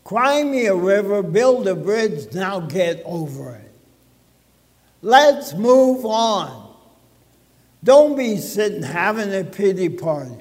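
A male pastor delivers a sermon with a high, light voice, taking his time over every phrase. His words ring out with a long reverb through the church hall. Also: big pitch swings, a little mellow. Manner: slow, deliberate preaching with dramatic pauses. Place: church sanctuary.

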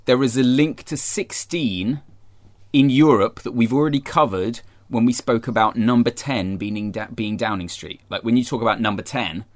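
A man with an average-pitched voice in easy podcast banter. He is recorded close and dry with no room sound, and he talks in a teasing, matter-of-fact way. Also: moderate pace, no echo. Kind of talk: casual chat.

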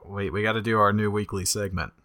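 A man with a deep baritone voice co-hosting a casual podcast, joking in a dry, deadpan way. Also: a little fast, dry recording. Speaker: podcast co-host.

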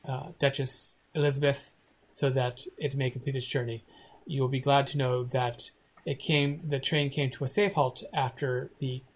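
A man voicing a poised, elegant female agent in a tabletop game, speaking in a formal, measured, diplomatic way. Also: medium pitch, lightly acted. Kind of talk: tabletop role-play voicing.

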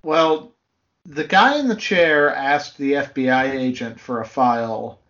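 A man's voice: mid-range voice, a little slow, a bit bright. A man co-hosting a casual podcast, giving blunt opinions about a TV episode. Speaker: podcast co-host. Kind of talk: casual chat recapping a TV episode. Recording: dull lo-fi sound.

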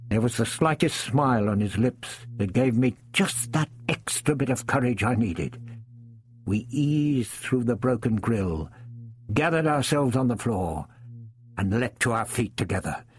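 A man reading a first-person adventure story aloud in a measured, dramatic storytelling manner. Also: mid-range voice, animated, breathy edge. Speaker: audiobook narrator. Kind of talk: scripted first-person narration.

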